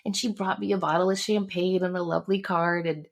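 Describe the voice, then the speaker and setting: A woman's voice: mid-range voice, level tone, fairly quick, gravelly, few pauses. A middle-aged woman co-hosting a casual chat, telling a personal story with emotion and acting out what others said. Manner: warm storytelling, emotional, acts out quotes. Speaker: podcast co-host.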